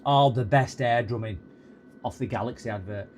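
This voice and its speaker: A man talks casually as he works at his bench, drifting from one tangent to the next. His voice is mellow and relaxed, and a faint hiss sits under it. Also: medium pitch, moderate pace. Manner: rambling, chatty, easily sidetracked. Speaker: streamer repairing electronics. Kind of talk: casual chat while soldering.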